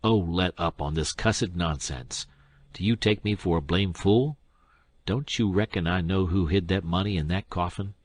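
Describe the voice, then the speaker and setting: A man voicing a sharp-tongued male swindler who talks briskly, sarcastically and forcefully, with a husky voice. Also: deep voice. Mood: scornful.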